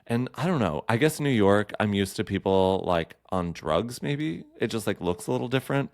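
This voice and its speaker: Chatty low-voiced man hosting a podcast. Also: lively intonation, moderate pace, no room sound, clean studio sound. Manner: chatty, campy, lots of fillers and asides. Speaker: podcast host. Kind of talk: casual solo chat.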